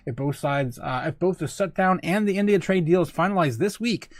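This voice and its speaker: Chatty crypto stream host, higher-pitched man. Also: animated, fairly quick, dry recording. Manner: chatty, frequent fillers and laughing asides. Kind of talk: casual livestream news and chat.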